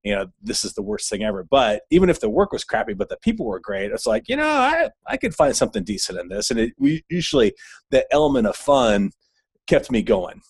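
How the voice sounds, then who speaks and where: A man's voice: medium pitch, wildly swooping pitch, a little fast, breathy edge. A man in his fifties hosting a casual interview, reflecting on his working years and laughing easily.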